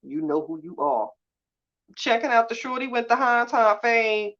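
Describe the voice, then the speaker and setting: A woman's voice: on the high side, lively intonation, normal speed, a bit bright. A woman hosting a casual live chat with viewers, sassy and blunt, cursing freely and laughing often. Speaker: live-stream host. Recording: slightly dull lo-fi sound.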